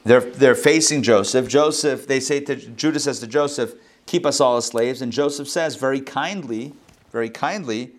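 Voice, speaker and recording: A male rabbi giving a live Torah lesson. He talks in an animated, storytelling way and acts out the biblical characters' lines. He often stumbles and restarts his phrases as he goes. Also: mid-range voice, moderate pace.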